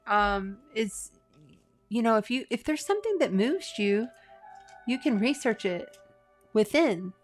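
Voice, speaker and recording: A woman's voice: mid-range voice, fairly bright tone. A middle-aged woman, an astrologer and tarot reader, chatting casually on a live stream, earnest and talkative with lots of fillers and restarts. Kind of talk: casual live-stream chat reading viewer comments.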